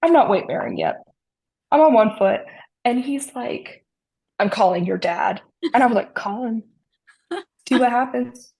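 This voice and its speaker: Gravelly woman telling dry-humored stories. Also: medium pitch, normal speed. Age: 30s. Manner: dry humor, animated retelling. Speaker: guest. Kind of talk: casual storytelling.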